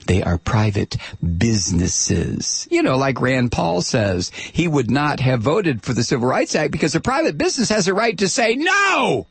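Middle-aged guy ranting on his show, sarcastic, gravelly voice, super dry close sound. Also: medium pitch, very animated, moderate pace, hardly any pauses, no room sound. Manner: angry, sarcastic, repeats words when heated. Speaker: commentary show host. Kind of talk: political rant monologue.

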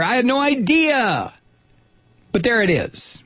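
A man's voice: very high-pitched, very animated, takes it slowly, bright, forceful tone, no room sound. A man hosting a talk radio show, delivering a sarcastic, combative opinion monologue.

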